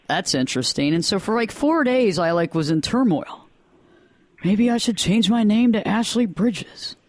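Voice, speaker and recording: A man with a fairly high voice hosts a casual radio interview. He tells stories with lively energy, and his voice sounds close and dry. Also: no room sound. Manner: lively storyteller, animated. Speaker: radio show host.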